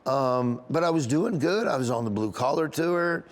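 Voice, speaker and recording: A man's voice: mid-range voice, moderate pace. A comedian being interviewed, telling a story earnestly. He rambles and restarts often, and he openly gets emotional. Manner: rambling delivery with frequent restarts.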